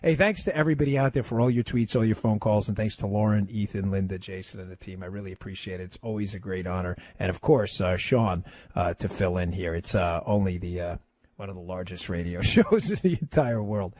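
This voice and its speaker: A man guest-hosting a talk radio show, taking calls and making his points with rapid-fire emphasis. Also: low-pitched, a little mellow, no room sound.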